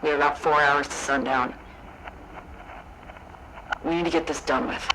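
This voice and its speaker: A woman's voice: deep voice, fairly even intonation, normal speed, lightly acted. A woman voicing an impatient male agent leader who barks orders. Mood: commanding. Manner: barking orders. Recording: noisy recording.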